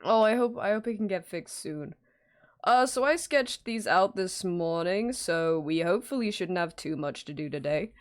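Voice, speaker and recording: A woman's voice: fairly low pitch, expressive, normal speed. A woman streaming live in casual chat, greeting viewers by name and laughing often as she works from home.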